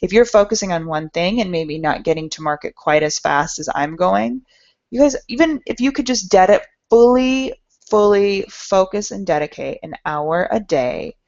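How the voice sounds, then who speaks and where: A woman's voice: mid-range voice, expressive, normal speed, a little mellow. A woman hosting a podcast, giving an earnest, encouraging motivational talk straight to her listeners. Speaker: podcast host. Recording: dull lo-fi sound.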